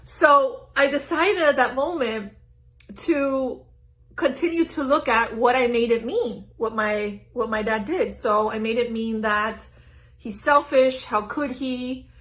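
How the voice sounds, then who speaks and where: A middle-aged woman giving an earnest, animated live-stream talk as a spiritual teacher, speaking into her phone. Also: a little high, slow, low-quality recording. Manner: earnest, animated, laughs easily. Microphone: phone on a stand.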